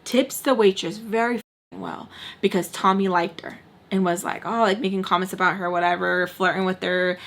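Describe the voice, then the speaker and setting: Animated young woman telling a storytime. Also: lowish voice, fairly quick. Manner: animated, profane, acts out the people in her story. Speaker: vlogger telling a personal story. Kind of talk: casual storytime vlog.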